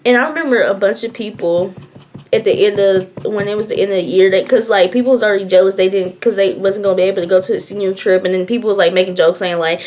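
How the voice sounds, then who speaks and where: A young woman telling a casual storytime. She is blunt, animated and laughs often. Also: mid-range voice, fast, slight background noise. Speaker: vlogger.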